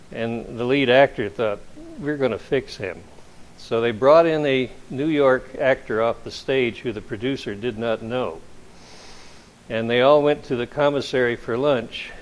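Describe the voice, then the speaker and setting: A man, an author, speaking to a convention audience and telling rambling anecdotes, chuckling between stories. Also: medium pitch.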